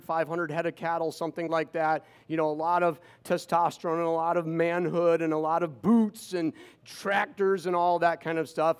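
A man's voice: on the high side, clean tone. A man in his fifties telling personal stories to an audience, with sarcastic asides. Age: 50s. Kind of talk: storytelling talk to an audience.

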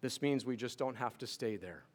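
A middle-aged pastor with a medium-pitched voice preaches a sermon earnestly and pleadingly, frequently restarting words in quick repeats.

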